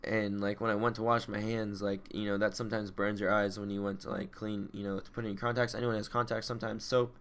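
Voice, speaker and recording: A young man co-hosting a podcast, telling a story in a rambling, casual way with lots of swearing and loud re-enacted yells. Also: fairly low pitch, flat delivery, quick pace, few pauses, clear, resonant tone. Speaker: podcast co-host. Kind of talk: casual chat.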